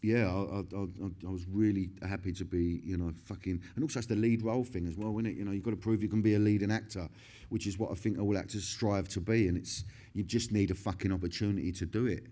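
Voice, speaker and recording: A man's voice: low voice, steady tone, quick pace, warm tone. Man, middle-aged, stage interview, profane, laughing, rambling.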